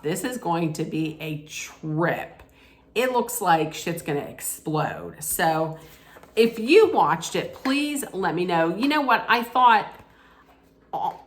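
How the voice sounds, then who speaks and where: With a fairly low-pitched voice, a woman vlogger chats casually through a reality TV episode recap, retelling scenes, quoting lines, and often starting over mid-thought.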